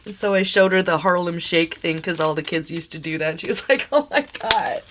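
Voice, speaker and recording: A woman's voice: on the low side, fairly even intonation, fairly quick, noisy background. A young adult woman giving a casual tarot reading, emotional and exclamatory, laughing and tearing up as she talks. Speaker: tarot reader.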